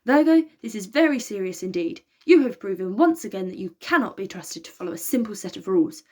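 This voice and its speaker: A woman's voice: medium pitch, expressive, a little fast, dark tone, natural voice. A stern, pompous leader of a starry council in a children's storybook, scolding in a formal tone. A woman reads his lines aloud.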